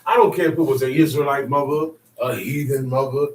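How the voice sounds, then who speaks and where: A man leading a bible study, emphatic and animated, acting out quotes and sometimes shouting. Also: medium pitch, fairly quick. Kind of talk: animated spoken teaching. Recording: echoey room, mic far off, faint noise.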